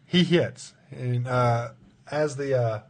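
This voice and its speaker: A man's voice: mid-range voice, slow pace. A man co-hosting a casual gaming podcast, telling laid-back stories with dry jokes. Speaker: podcast co-host.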